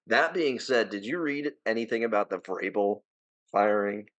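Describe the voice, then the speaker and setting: A man's voice: lowish voice, lively intonation, moderate pace, fairly bright tone, highs cut off. A man with a New Jersey accent co-hosting a sports podcast, opinionated and prone to exasperated, profane rants. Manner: opinionated, ranting, swears, rising to exasperated outbursts. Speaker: podcast co-host. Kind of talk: casual sports talk.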